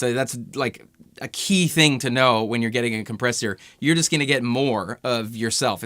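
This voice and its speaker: Man, guitar pedal demo host, bright tone, dry close mic, relaxed and chatty. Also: medium pitch, no echo. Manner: relaxed, conversational, many fillers. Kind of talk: casual gear demo talk.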